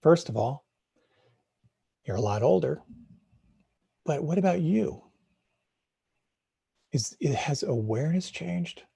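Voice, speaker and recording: A middle-aged man leads a live meditation talk in a reflective, questioning way, often restarting and repeating words. His voice is husky and mellow, with a gravelly edge. The sound is dry and close. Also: a little high, animated, takes it slowly, long pauses, no room sound. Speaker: meditation teacher.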